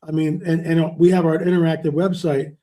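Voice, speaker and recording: A male interview guest, an author and researcher, speaks fairly quickly in a mellow, higher-side voice with flat delivery. He emphasizes his stories by repeating words, in a conversational interview style.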